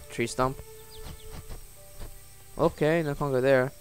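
A man casually commenting on a story game as he plays, reading its text aloud, swearing and yelling at characters. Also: a little high, lively intonation, a little slow, pauses often, dry recording, soft background music. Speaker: gaming channel host. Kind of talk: let's play commentary.

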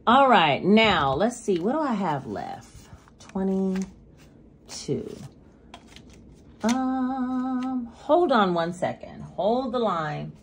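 A woman's voice: medium pitch, very animated, drawn-out words, pauses often, slight background noise. A woman making a casual budgeting vlog, chatting with viewers and counting cash aloud as she stuffs binders. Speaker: budgeting vlogger.

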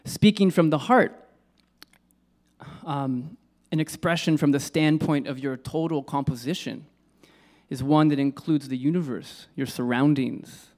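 A man's voice: mid-range voice, darkish tone. A man giving an informal lecture on poetry. He hesitates, corrects himself and uses many fillers.

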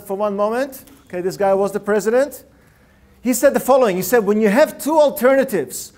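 A public speaker with a noticeably high voice gives a TED-style talk on a lecture hall stage. Animated and punchy, he fires rhetorical questions at the live audience.

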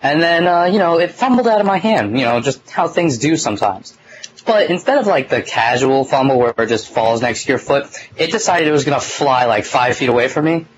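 A man's voice: mid-range voice, expressive, brisk, lo-fi sound, a little hiss or hum. Rambling young man telling a story. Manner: rambling, full of "like" and mild swearing. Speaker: podcast host. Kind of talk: casual storytelling chat. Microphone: phone.

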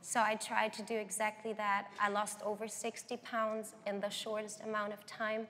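A woman's voice: mid-range voice, completely flat delivery, moderate pace, a bit bright, a little hiss or hum. A young woman, a guest singer, telling her life story earnestly in an interview. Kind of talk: interview testimony. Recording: long hall reverb.

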